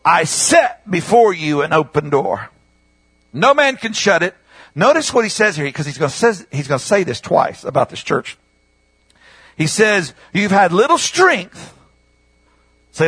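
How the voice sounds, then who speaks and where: A man preaching a sermon in call-and-response style. He rises to shouts on key words, drags out quoted scripture and stumbles over repeated words. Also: high voice, sing-song, moderate pace, slightly rough, no echo.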